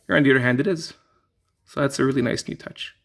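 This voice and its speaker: A man talks through a collectible figure in a loose, unscripted review. His voice has a gravelly, fry-edged texture at a middle pitch, and he rambles with fillers and false starts as he goes. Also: fast talker. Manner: relaxed, rambling with fillers and restarts. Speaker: toy reviewer. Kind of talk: casual product review.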